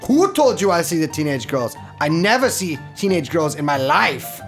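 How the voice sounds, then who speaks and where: A man's voice: fairly high pitch, big pitch swings, moderate pace, fairly bright tone, faint music behind. A man voicing an evasive male Russian bodyguard and trainer in a comedic interview reenactment, speaking broken English in a put-on Russian accent that drifts toward German and Polish. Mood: insistent. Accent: put-on Russian, slipping toward German and Polish. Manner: broken English, defensive, denies everything.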